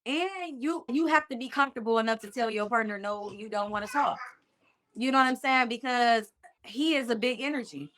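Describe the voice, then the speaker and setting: A woman's voice: fairly high pitch, moderate pace, fairly bright tone. Sassy, blunt young woman. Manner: blunt, sassy storyteller, swears, quotes others. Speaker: podcast co-host. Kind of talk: casual conversation.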